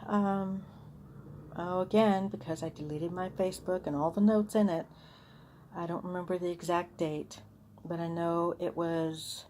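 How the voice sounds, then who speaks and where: A woman's voice: on the low side, darkish tone, a little hiss or hum. A woman telling a personal story in a casual, earnest, chatty way, often acting out what people said. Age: adult with children. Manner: chatty, earnest, re-enacts heated arguments. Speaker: vlogger sharing a personal vision.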